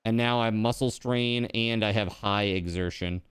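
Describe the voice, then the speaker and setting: A man streaming a video game live, chatting casually and jumping into excited high outbursts. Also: normal speed, clear, resonant tone, no echo. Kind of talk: live gameplay commentary.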